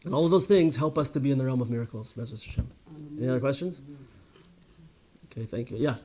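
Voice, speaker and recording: A man teaching a casual Torah class to a small group. He tells stories with lively ups and downs, restarts often and keeps asking "right?". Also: mid-range voice, fast, slight background noise. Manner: lively storyteller, many restarts and "right?" tags.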